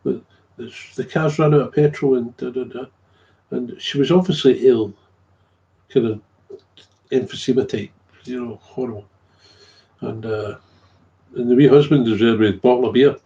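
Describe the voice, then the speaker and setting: Speaking at a normal speed with long pauses, a man with a dark, medium-pitched voice tells the story of his recovery from alcoholism. His casual monologue rambles and repeats, with frequent chuckles, and the lo-fi recording sounds dull.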